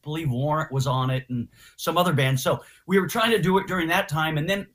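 A guitarist guest telling stories in a casual interview, slangy and animated, acting out what others said. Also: male voice, fairly high pitch, fairly quick. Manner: animated storyteller, slangy, acts out quotes. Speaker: guest musician.

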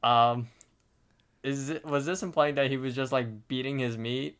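A man's voice: medium pitch, steady tone, moderate pace, a bit bright, clean tone. A man hosting a podcast, recapping a cartoon episode in casual chat. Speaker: podcast host.

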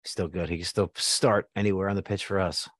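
A man's voice: sits low, fairly even intonation, a little fast, fairly bright tone, no echo. An American man hosting a casual sports chat, blunt and joking with plenty of swearing. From United States.

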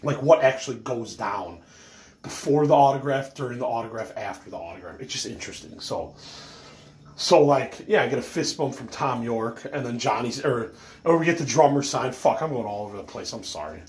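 A stoned man rambles through a story in a middle-pitched voice, loose and swearing, stacking filler words and losing his thread. He laughs at himself and apologizes as he goes, in a casual, unscripted vlog way. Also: animated, a little fast. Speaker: autograph collector telling a story.

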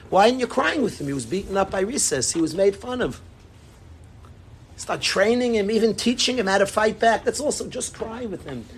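A man teaching a religious class in an impassioned, emphatic way, repeating his points and swinging between loud and hushed. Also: high voice, slight background noise. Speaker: Torah teacher.

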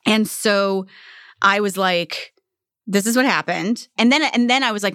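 A woman's voice: mid-range voice, normal speed, a bit bright, dry recording. A chatty woman in her forties, a guest in an interview, telling her stories loosely with lots of fillers. She acts out the people she quotes. The recording is dry and close. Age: 40s. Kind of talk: casual storytelling conversation.

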